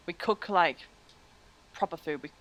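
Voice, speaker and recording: A woman's voice: fairly low pitch, a little slow, fairly bright tone, poor audio. A young Australian woman with an Australian accent, chatting as an interviewee, joking, swearing freely and laughing often. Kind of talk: casual chat.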